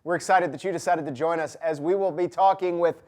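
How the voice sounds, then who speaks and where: A man hosting a school podcast, upbeat and chatty and quick to laugh. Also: on the high side, steady tone, a little mellow. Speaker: school ministry director and podcast host. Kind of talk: casual interview.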